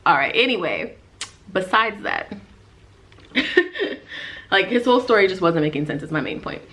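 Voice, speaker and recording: A woman's voice: on the low side, very animated, a little slow, bright, forceful tone. A young woman vlogger telling a personal story to camera in casual chat, full of "like" fillers and acted-out quotes. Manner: chatty, lots of "like" fillers, acts out quoted lines.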